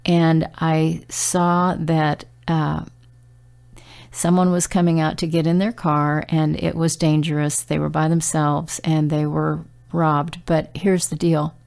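A middle-aged woman talks through a casual devotional message in a low, gravelly voice. She sounds earnest and conversational, pausing on fillers and restarting her sentences as she goes. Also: little pitch movement, darkish tone. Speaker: devotional speaker.

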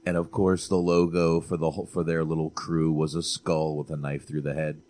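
A man co-hosting a casual movie chat, animated, swearing and repeating himself for emphasis. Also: a bass voice, a little fast. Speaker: podcast co-host.

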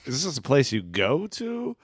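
A man's voice: medium pitch, wildly swooping pitch, a little slow, no echo, studio quality. A middle-aged man, a father, chatting casually and teasing his child on camera. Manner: playful, teasing. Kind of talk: casual chat.

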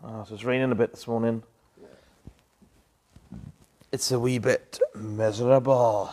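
A man's voice: on the low side, fairly even intonation, quick pace, few pauses, warm tone. A man hosting a live-stream, greeting viewers by name in casual chat before reading scripture aloud. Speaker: live-stream Bible reader.

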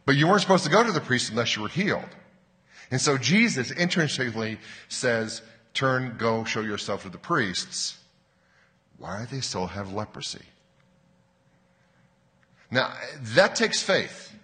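Bright-voiced preacher in a reverberant hall. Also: male voice, medium pitch, big pitch swings. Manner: earnest, explanatory, with emphatic rises and slowed stresses. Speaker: pastor. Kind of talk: sermon.

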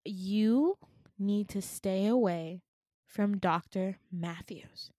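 A woman's voice: mid-range voice, drawn-out words, mellow, no room sound, clean studio sound. A woman doing a bubbly, clingy young nurse. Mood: insistent.

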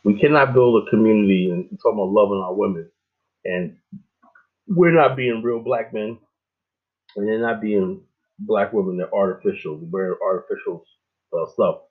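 A middle-aged man hosting a show, rambling in a casual monologue with lots of fillers and animated stories. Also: lowish voice, moderate pace, long pauses. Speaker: show host. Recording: tinny phone-like line.

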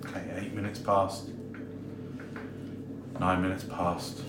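A man's voice: low voice, level tone, slow, fairly bright tone, slight background noise. A man running a tabletop game as game master, describing scenes unhurriedly with many fillers. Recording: roomy echo, distant mic.

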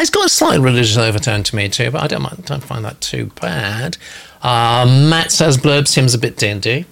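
A man's voice: mid-range voice, vocal fry, a bit bright. A man hosting a casual live chat, reading out listener comments in a rambling, self-deprecating way with many fillers.

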